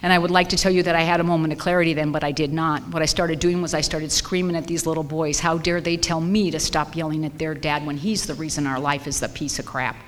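A woman with a lowish voice tells her own story to a recovery meeting, frank and emphatic. She repeats phrases to drive them home. Her words carry a long hall reverb with faint ambience behind them. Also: fairly even intonation, fast, hardly any pauses, a little hiss or hum. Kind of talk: personal testimony.

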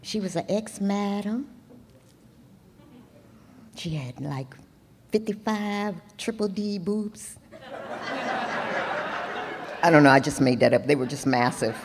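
A woman's voice: deep voice, moderate pace, creaky, long pauses. A middle-aged woman sharing her testimony at a recovery meeting, passionate and preachy with comic asides. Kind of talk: personal testimony with comedic asides. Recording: echoey hall, faint ambient noise.

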